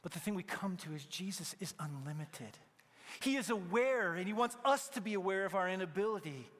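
A male pastor preaching a sermon, swinging between loud emphatic peaks and hushed, near-whispered lines. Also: high voice, animated, brisk, long reverb tail.

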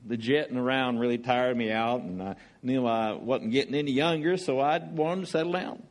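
A man's voice: mid-range voice, moderate pace, natural voice. A man voicing a boastful retired old male talking dog who spied for the government, speaking with a folksy Southern drawl.

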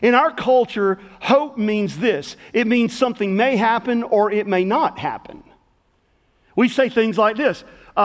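A middle-aged man preaching as pastor to a congregation in a church, swinging between loud calls and hushed words. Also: high voice, measured pace. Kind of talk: sermon. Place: church sanctuary. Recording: long hall reverb.

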